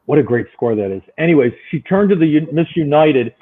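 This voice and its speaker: A man from Buffalo, New York, a guest telling animated stories in a casual chat over a remote call. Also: on the high side, fairly quick. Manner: animated, chatty storyteller. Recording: tinny phone-like line.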